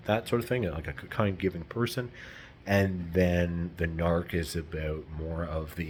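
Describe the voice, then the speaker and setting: A low-voiced man talks straight to his audience in a loose, rambling vlog monologue. He is emphatic and swears often. There is a faint hiss in the background. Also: fairly even intonation, normal speed. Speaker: vlogger. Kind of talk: casual monologue to camera.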